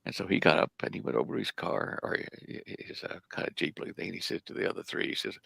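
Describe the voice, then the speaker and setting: Fast and with few pauses, an older man from the United States talks in a low, gravelly, husky voice that's a bit bright and swings hugely in pitch, with no room sound. As an interview guest, he casually tells long, rambling anecdotes full of hesitations.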